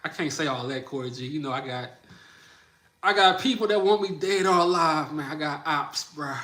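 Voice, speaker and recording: A man's voice: on the high side, normal speed, bright, forceful tone. A man from the Midwest of the US chatting loosely with viewers on his live stream, laughing often and talking in slang. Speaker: livestream host. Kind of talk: casual livestream chat with viewers.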